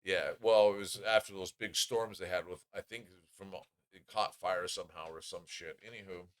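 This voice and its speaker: A man's voice: low voice, steady tone, normal speed. A man telling profane, rambling anecdotes in a casual podcast chat.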